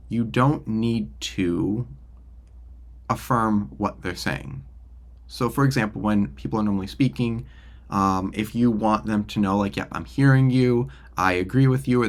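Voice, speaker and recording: Relaxed man explaining online teaching setup. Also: lowish voice, dry recording. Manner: casual, explanatory, demonstrative. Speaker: music teacher. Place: home studio with green wall. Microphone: studio microphone.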